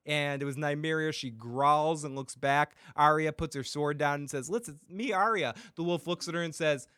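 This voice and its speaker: Profane podcast host, dry close sound. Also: male voice, fairly high pitch, fairly even intonation, normal speed, a bit bright, smooth, no room sound. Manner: profane, retells scenes with playful voices. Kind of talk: casual recap podcast chat.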